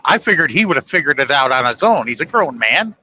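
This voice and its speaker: Trucker guy swapping stories, bright edgy voice, kinda dull lo-fi sound. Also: fairly high pitch, big pitch swings, fast talker. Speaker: trucker, show host. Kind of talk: casual chat. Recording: dull lo-fi sound with faint ambient noise.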